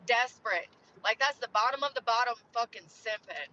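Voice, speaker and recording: Young woman venting hard, lots of cursing, high sharp voice, dull lo-fi clip with a little noise. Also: lively intonation, a little fast, distant mic. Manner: heated, profane, venting. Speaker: strip club dancer. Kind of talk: angry rant on camera.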